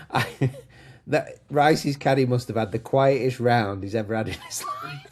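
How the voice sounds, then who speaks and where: A man of middling pitch on a podcast who keeps his part brief. He jumps in with short remarks and laughs easily. The talk stays relaxed and conversational. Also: measured pace, slight background noise. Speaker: caddie guest. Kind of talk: casual chat.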